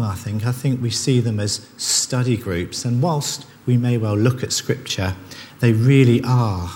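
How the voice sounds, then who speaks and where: A man's voice: mid-range voice, dark tone, a little hiss or hum. A man preaching a sermon in an earnest, conversational way, often restarting his sentences. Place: church. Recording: long reverb of a church hall, faint ambience.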